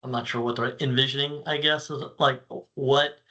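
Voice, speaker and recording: A man's voice: mid-range voice, steady tone, normal speed, sharp tone, poor audio. A man hosting a casual panel chat, talking with enthusiasm and acting out lines for an imagined assistant. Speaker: host.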